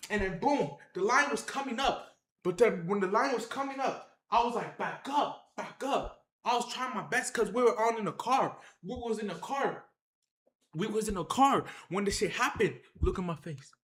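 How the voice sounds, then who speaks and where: In a roomy-sounding recording, a man with a high voice rambles through a story on a livestream. He's animated and repetitive, and he keeps calling out directly to his chat.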